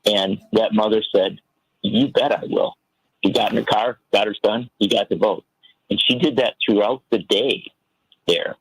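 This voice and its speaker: Low, gravelly man giving impassioned commentary. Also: fairly even intonation, moderate pace, a bit bright, poor audio. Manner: earnest, impassioned, tells stories. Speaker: radio show guest. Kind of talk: political commentary.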